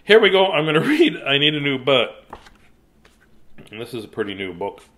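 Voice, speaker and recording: Brief: lively, chatty man in his fifties, storytime reader, laughs a lot. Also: a little high, normal speed. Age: 50s. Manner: playful, chatty, laughs often. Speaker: children's book reader. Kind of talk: reading picture books aloud, casual asides.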